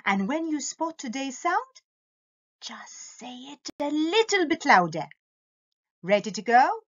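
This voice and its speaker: A woman teaching a phonics lesson to young children, sounding out letters and words slowly and clearly. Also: no echo, muffled recording. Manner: slow, clear sounding-out with lively up-and-down pitch.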